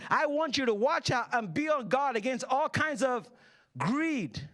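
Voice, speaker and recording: A man in his thirties delivers a church sermon in a strikingly high voice. He keeps it playful and joking, calling out people in the room and acting out the lines of everyone in his stories. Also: a bit bright. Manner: playful, jokey preaching with acted-out quotes. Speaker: pastor. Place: church hall.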